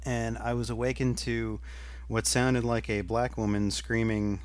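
A man's voice: mid-range voice, little pitch movement, measured pace. A man hosting a podcast, telling a story in a laid-back, casual way. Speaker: podcast host. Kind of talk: casual chat.

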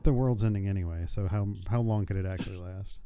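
A man's voice: low voice, quick pace, mellow, clean tone. A man co-hosting a podcast, chatting casually and sardonically, swearing now and then. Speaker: podcast co-host. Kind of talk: casual chat.

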